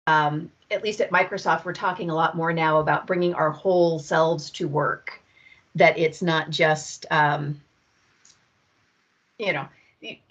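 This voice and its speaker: A woman moderating an online meeting in a friendly, relaxed way, heard over video call audio. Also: sits low, lo-fi sound. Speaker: meeting host.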